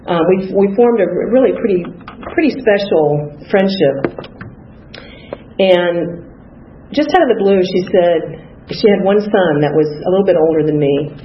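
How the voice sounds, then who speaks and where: A woman's voice: lowish voice, expressive, measured pace. Candid woman sharing her recovery story. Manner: candid, conversational, frequent "you know". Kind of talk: personal testimony. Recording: dull, echoey, faintly noisy room.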